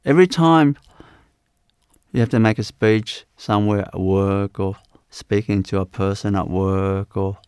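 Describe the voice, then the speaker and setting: A man giving a live spiritual talk as teacher, unhurried and repeating his phrases with many "you know"s. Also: on the low side, fairly even intonation, a little mellow, clean tone, no room sound, clean studio sound.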